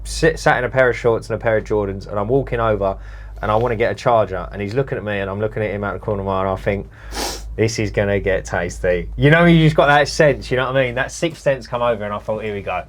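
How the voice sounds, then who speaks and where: A man with a London accent, co-hosting a podcast in casual chat and telling animated, slangy stories. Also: fairly low pitch, very fast. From England. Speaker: podcast co-host.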